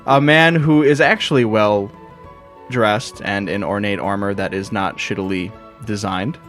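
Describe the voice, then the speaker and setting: A man's voice: on the low side, a little slow, fairly bright tone. A man running a tabletop game as game master, casual and swearing freely. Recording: podcast with background music.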